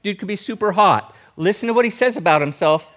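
High-voiced animated man preaching. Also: quick pace. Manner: animated, jokey, talks straight to the congregation. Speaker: pastor. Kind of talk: sermon.

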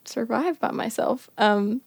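A young woman telling a personal story casually on a podcast, animated and often dropping to a whisper. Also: on the high side, slow pace, creaky, husky, dry recording. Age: young adult. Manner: animated, often drops to a whisper when quoting. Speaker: podcast guest.

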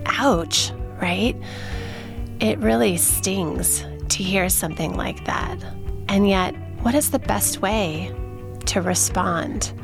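An earnest woman hosting a podcast, leaning on rhetorical questions as she opens the show and guides the chat. Her voice sits at an ordinary middle pitch for a woman. Music runs clearly underneath her talk. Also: takes it slowly. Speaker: podcast host. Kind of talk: podcast interview, scripted intro.

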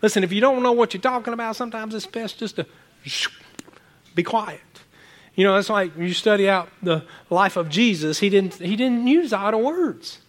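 A man preaching a sermon, telling animated stories from home with many restarts and asides to the congregation. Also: high voice, normal speed. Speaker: pastor.

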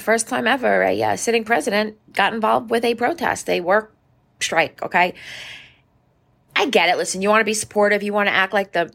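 Profane ranting woman with gravelly voice. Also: medium pitch. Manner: profane, animated, sarcastic. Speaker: podcast host. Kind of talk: casual ranting monologue.

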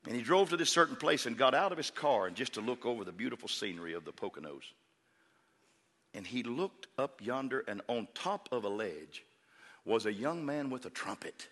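A male preacher with a bright, forceful voice delivering a sermon. He leads the congregation in call-and-response and swells to shouting fervor. A long reverb from a big hall trails each phrase. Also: medium pitch, lively intonation, moderate pace.

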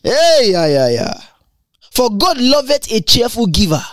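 A woman teaches from the Bible in an excited, exclamatory manner, stumbling over and repeating words as she explains each verse. Her pitch rises and falls freely. The recording is dry and close, with no room sound. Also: dry recording.

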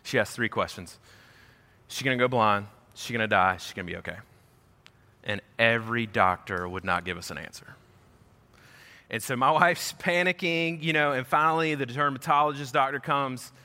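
A man preaching as a pastor, telling a personal story in an animated way and acting out the voices of the people in it. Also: mid-range voice, moderate pace. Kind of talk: storytelling sermon. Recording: echoey hall.

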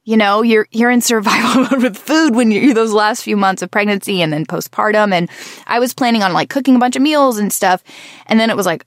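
A woman in her thirties talks with a groggy morning voice in a relaxed, rambling way. She often restarts and corrects herself mid-sentence. Her voice is mid-pitched, and the recording is dry and close. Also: fairly quick, no echo. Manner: chatty, rambling with frequent restarts and self-corrections. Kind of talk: casual conversational chat.

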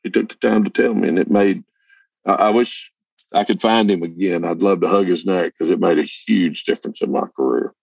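A man's voice: deep voice, brisk, creaky, a little mellow, breathy edge, no echo. An older man telling a story in plain, earnest words as a podcast guest. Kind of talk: casual storytelling chat. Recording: muffled distant lo-fi audio.

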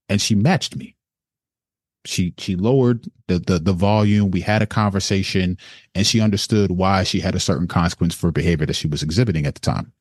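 A man with a very deep voice speaks earnestly and encouragingly as a podcast guest. The sound is dry and close, with no room echo. He talks in a relaxed conversational flow, often listing points. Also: fairly quick, slightly rough. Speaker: assistant principal, podcast guest. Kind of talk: casual interview conversation.

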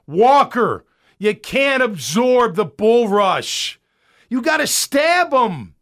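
A man's voice: extremely high pitch, sing-song, slow pace, fairly bright tone, no room sound, studio quality. A man hosting a sports talk show, giving fired-up, emphatic, rambling opinions.

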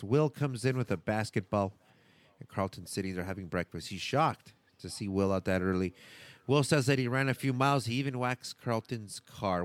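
A man's voice: medium pitch, no room sound. A man co-hosting a podcast, recapping a sitcom episode in casual chat and acting out the characters' lines in voices. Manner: animated, acts out characters' lines in funny voices and laughs often.

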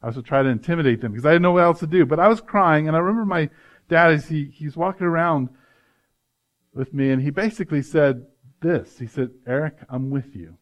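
A man's voice: on the high side, quick pace. A male pastor giving an earnest, conversational sermon, often adding "right?" to his points.

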